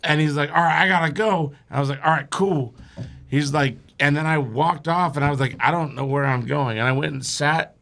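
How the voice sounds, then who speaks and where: A man's voice: fairly high pitch, fairly quick, vocal fry, fairly bright tone. A man telling a rambling, profane story as a guest on a podcast, laughing along as he goes. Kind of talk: casual storytelling.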